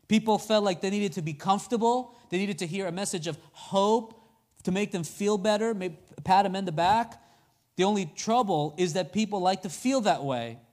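Man preaching, high voice, conversational, questions to the congregation. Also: a little mellow. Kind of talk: sermon.

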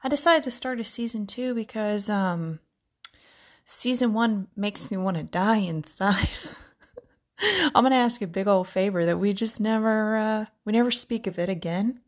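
A woman's voice: mid-range voice, normal speed. A young woman hosting a casual solo podcast from her kitchen, candid and rambling, laughing often and saying "like" a lot. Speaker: podcast host. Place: home kitchen.

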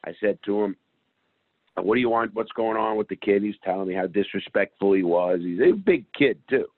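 A man's voice: lowish voice, moderate pace, no room sound. A middle-aged man guest telling a story in an interview in a blunt, streetwise way. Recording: phone-like call audio.

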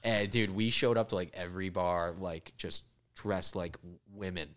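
A young man casually telling rowdy travel stories on a podcast, swearing a lot and loudly acting out the people in them. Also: sits low, steady tone, moderate pace, smooth. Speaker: podcast guest. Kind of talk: casual storytelling.

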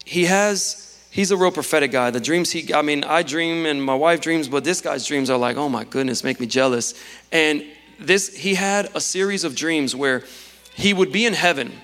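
A man preaching an earnest sermon, often stumbling and repeating himself as he goes. His voice is high and bright. It echoes through a church hall, with faint music underneath. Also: normal speed, clear, resonant tone. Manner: earnest, stammering restarts and repeated words.

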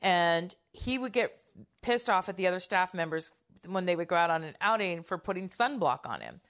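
A woman's voice: lowish voice, lively intonation, moderate pace, fairly bright tone. A woman telling a story in casual podcast chat, rambling and self-conscious with many fillers and restarts.

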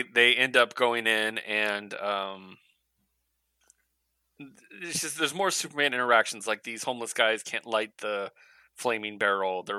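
A man's voice: medium pitch, bright, forceful tone, clear, resonant tone, no echo, low-quality recording. A man co-hosting a comics podcast, retelling a story in casual chat and acting out the characters' lines with laughs.

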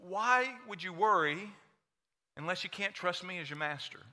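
A man with an Oklahoma accent preaching a sermon to a church congregation, energetic and playful, quizzing the crowd. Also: high voice, moderate pace. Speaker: pastor. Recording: long hall reverb.

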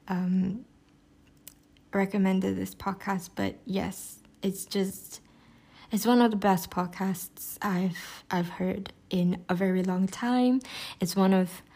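A woman's voice: mid-range voice, creaky, a little mellow, husky. A woman in casual chat, gushing enthusiastically about a podcast she loves, rambling with lots of fillers, restarts and laughs. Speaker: podcast reviewer.

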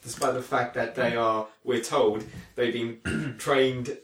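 A man's voice: mid-range voice, steady tone, slow pace. A man, a podcast guest discussing films casually, joking and laughing often. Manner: laughing, jokey. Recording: echoey, distant mic with faint noise.

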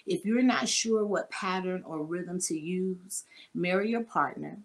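A woman hosting a podcast, talking bluntly and explicitly and quizzing her listeners. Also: fairly low pitch. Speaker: podcast host. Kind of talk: casual frank talk with listeners.

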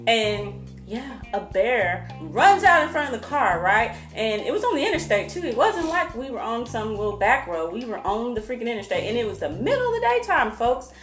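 An animated woman co-hosting a relaxed podcast chat, her pitch swinging widely as she tells a story. Her voice rings in a roomy space, with music playing faintly behind her. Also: normal speed, hardly any pauses. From American South. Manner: animated storyteller, laughs often. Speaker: podcast co-host. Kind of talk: casual chat.

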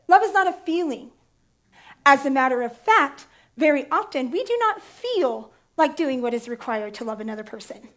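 High-voiced woman preaching candidly. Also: very animated, normal speed, fairly bright tone. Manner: candid, playful, emotional storytelling. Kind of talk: sermon with personal story.

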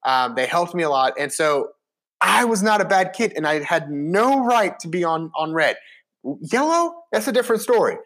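A young man in his twenties chats through a personal story in a casual monologue. His voice sits a little high for a man, and he talks in an animated way, full of fillers and restarts. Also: moderate pace. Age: 20s.

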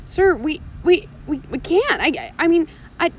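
A woman's voice: sits high, moderate pace, a little hiss or hum, natural voice. A woman voicing a timid, nervous male pirate sailor who stammers, in a storybook reading. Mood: flustered.

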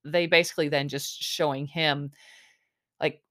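A woman with a low, fairly bright voice speaks a little slowly and with fairly even intonation, recorded clean in a studio with no room sound. She casually recaps a reality TV episode, chatty and opinionated, telling the story with lots of "like" and "um" as fillers.

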